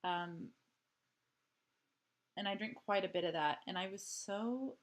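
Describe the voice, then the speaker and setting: A woman's voice: mid-range voice, slow pace. A woman chatting casually at home in a video diary, rambling with lots of "like" and "um". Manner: rambling, full of "like" and "um" fillers. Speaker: vlogger. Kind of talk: casual diary-style chat.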